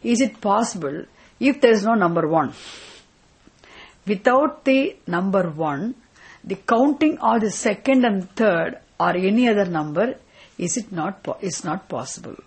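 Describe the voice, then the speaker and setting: A woman teaches a spiritual class. Her voice is husky and sits at a middle pitch. She asks her students questions and restates each point more than once. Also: animated, a little slow, poor audio. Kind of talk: Vedanta scripture class.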